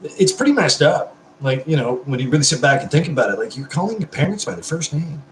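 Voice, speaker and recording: A man's voice: a little high, big pitch swings, fast, slight background noise. Guy on a livestream sipping beer, swears a ton, gushy and rambly, voice jumps all over, echoey room. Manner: effusive, rambling and heavily profane; drinking beer while talking. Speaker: live streamer answering viewer comments. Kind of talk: casual live-stream chat.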